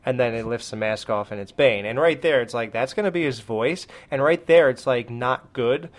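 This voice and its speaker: Male podcast co-host, mid-pitched, chatty and opinionated reviewer. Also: normal speed. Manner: animated, opinionated, many "like"s. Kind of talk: casual movie review chat.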